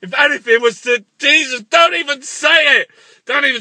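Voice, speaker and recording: A man in a frantic, shouting comic rant, swearing and repeating himself. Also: extremely high pitch, moderate pace, no room sound.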